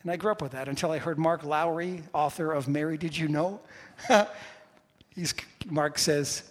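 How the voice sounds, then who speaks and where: Higher-voiced preacher in a reverberant hall. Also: male voice, steady tone, normal speed. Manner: building to loud emphatic bursts; conversational with the congregation. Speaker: pastor. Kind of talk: sermon.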